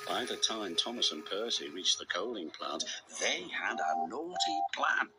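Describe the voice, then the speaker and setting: Slow, very lively man reading a storybook. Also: low voice, low-quality recording. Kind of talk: storybook read-aloud. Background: background music.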